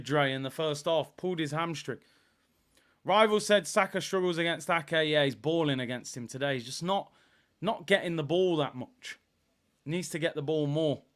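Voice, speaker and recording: A young man hosting a live football watchalong, chatting casually with viewers and bursting into excitement. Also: fairly high pitch. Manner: animated, banter with chat, bursts of excitement.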